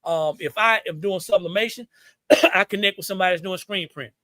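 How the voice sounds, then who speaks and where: A man's voice: high-pitched, fairly quick, bright, forceful tone, no echo, clean studio sound. A man with a Southern US accent, a business owner giving folksy, preachy advice to viewers on a live stream. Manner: preachy and folksy, repeats points, addresses viewers as y'all.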